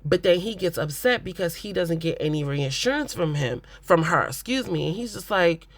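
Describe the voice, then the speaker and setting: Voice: mid-range voice, animated, moderate pace. An adult host giving a casual, opinionated recap of a reality show in a blunt, exasperated way.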